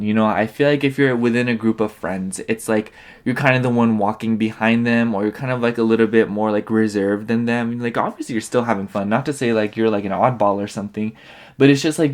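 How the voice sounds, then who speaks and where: A man giving a casual pick-a-card tarot reading, rambling and filling nearly every phrase with "like". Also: medium pitch. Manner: rambling, filler-heavy, leans on "like" constantly. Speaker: tarot reader.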